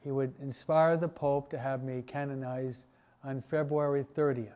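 A man, a priest, teaching a parish catechesis class in a relaxed, conversational way, asking his listeners questions. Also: medium pitch, normal speed, lo-fi sound. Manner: conversational, asks the audience questions, many restarts and asides. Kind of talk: informal parish teaching talk.

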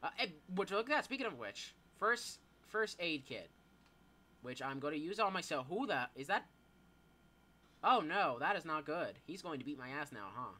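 A teenage boy narrating his own gameplay with a higher-than-usual voice and a very bright, tense edge. He jumps around in pitch a lot, yelping and swearing as the game turns on him. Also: big pitch swings, moderate pace. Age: teens. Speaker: gamer. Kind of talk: gameplay commentary.

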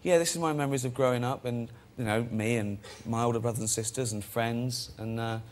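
A man's voice: mid-range voice, fairly even intonation, a little fast. A man, a guest on a chat show, telling self-deprecating anecdotes and acting out the people in them. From England. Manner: self-deprecating anecdotal storyteller, acts out voices. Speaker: talk show guest, actor-director.

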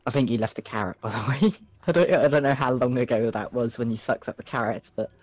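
Relaxed man chatting alongside a stream. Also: mid-range voice, fast talker, no room sound. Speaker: co-host and editor. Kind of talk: casual chat. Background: faint game music.

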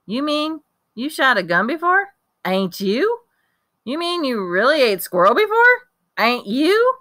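A woman's voice: high-pitched, sing-song, moderate pace, pushed and bright, no echo, clean studio sound, pitched above the performer's own voice, exaggerated voice. A woman voicing a wary ten-year-old schoolboy who asks short, wide-eyed questions. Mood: curious. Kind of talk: audiobook reading.

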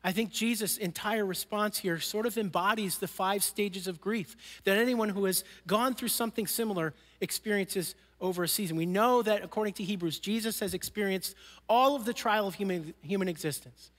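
A male pastor preaching a sermon in an earnest way, often dropping soft and slow to stress a point. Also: sits high. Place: church sanctuary. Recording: long hall reverb.

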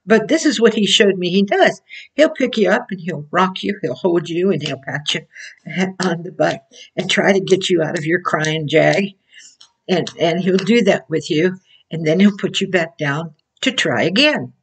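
Woman, informal sermon, slow storytelling, husky gravelly voice, far from the mic. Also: lowish voice, animated. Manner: slow storytelling, laughs often between phrases. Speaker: Christian teacher.

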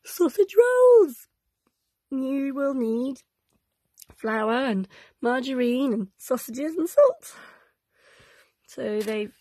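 A woman's voice: on the high side, gravelly, darkish tone, dry recording. A woman reading an old cookbook aloud to children in a cosy, chatty, sing-song way, sounding sleepy and yawning. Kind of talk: gentle read-aloud for children.

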